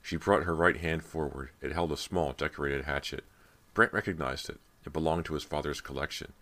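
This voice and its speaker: A man's voice: very deep voice, fairly even intonation, a little fast, pushed and bright. A man narrating a horror audiobook in a dramatic storytelling manner. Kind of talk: scripted narration.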